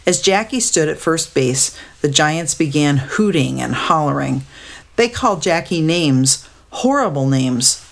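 A woman narrating a storybook aloud in a steady, descriptive way. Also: sits low, a little slow, gravelly.

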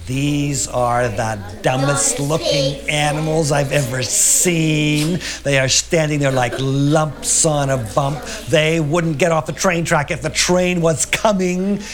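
A storyteller voicing a brash young girl in a live children's story, with loud, high, drawn-out lines. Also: fairly even intonation, a crowd in the background, lightly acted. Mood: exasperated. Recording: live recording with audience noise.

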